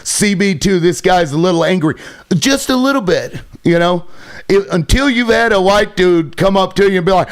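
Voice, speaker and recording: A man's voice: sits high, animated, moderate pace. A man hosting a livestream, ranting with heavy swearing and sarcasm, irritated. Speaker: livestream host. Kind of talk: profane livestream rant.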